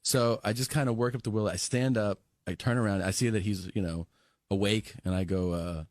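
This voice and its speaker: A man's voice: on the low side, fairly quick, no echo, clean studio sound. A man in his forties, a comedian, animatedly telling a story on a podcast and acting out both sides of the dialogue.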